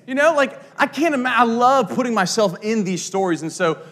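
A man in his thirties delivers a sermon in a bright, high voice that swings widely up and down. He tells funny stories from his own life in a lively, playful way, full of asides to his listeners. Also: fairly quick. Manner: animated, playful storyteller with frequent asides. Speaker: pastor. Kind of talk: sermon with storytelling.

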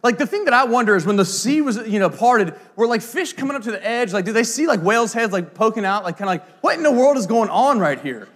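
A man's voice: high voice, fast talker, hardly any pauses. A man in his thirties preaching a sermon, telling playful stories with many asides. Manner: animated, playful storyteller with frequent asides. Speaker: pastor. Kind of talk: sermon with storytelling.

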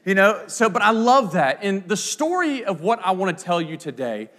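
A pastor in his thirties with a high-pitched voice delivers a sermon at normal speed. He's an animated, playful storyteller who fills his tales with frequent asides.

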